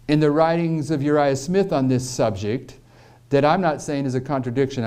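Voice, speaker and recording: A man's voice: mid-range voice, mellow. A man giving a prophecy lecture, explaining carefully with repeated questions and emphasis. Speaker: preacher.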